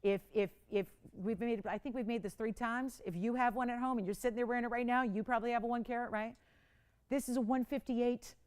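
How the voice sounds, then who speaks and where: A talkative woman hosts a live jewelry auction from a TV studio. Her voice sits a little high, and she pleads for bids in an easy, joking way with frequent laughs. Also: steady tone, a little mellow, clean tone. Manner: chatty, pleading, quick to laugh. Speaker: live shopping host.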